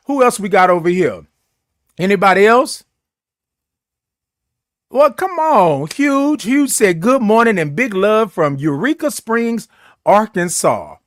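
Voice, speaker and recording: Guy w a high voice hosting a morning stream, flamboyant n playful, stretches out his hellos, dry close sound. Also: fairly bright tone, dry recording. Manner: playful, flamboyant, drawn-out greetings and catchphrases. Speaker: host of a morning livestream show. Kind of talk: casual livestream chat reading viewer comments.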